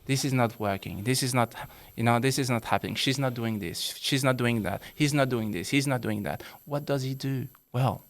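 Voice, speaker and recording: A man's voice: medium pitch, moderate pace, few pauses. A man who is a psychologist, talking as a podcast guest and explaining earnestly with rhetorical questions. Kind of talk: casual conversation.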